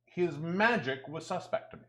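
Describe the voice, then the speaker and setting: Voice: medium pitch, expressive, normal speed, noisy background. A co-host of a casual cooking and drinks show, teasing a partner and laughing often.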